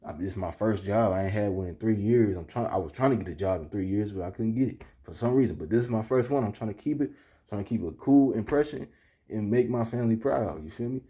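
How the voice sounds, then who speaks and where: Talking fast in a lowish, mellow voice, a young man tells a story to his vlog camera, full of slang. "You feel me?" comes up again and again, and he grows heated while retelling it.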